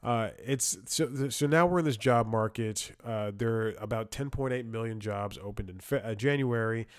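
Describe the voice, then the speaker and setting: A man's voice: medium pitch, moderate pace. A man hosting a comedy show, telling rambling stories with frequent chuckles and restarts, wry and blunt. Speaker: comedy podcast host. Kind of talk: rambling comedic storytelling and commentary.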